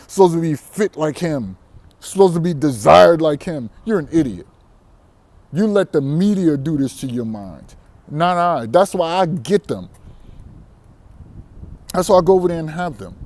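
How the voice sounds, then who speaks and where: A man's voice: a little high, mellow, no room sound. A man vlogging a brash, defiant monologue to camera, boastful and profane, often breaking into laughter. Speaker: vlogger on dating abroad.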